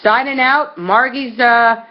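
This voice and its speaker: A woman's voice: on the high side, fairly even intonation, slow. A middle-aged woman at home, making a pleading, rambling appeal straight to her viewers, full of fillers and restarts. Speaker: vlogger. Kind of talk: impassioned direct-to-camera appeal. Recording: dull lo-fi recording.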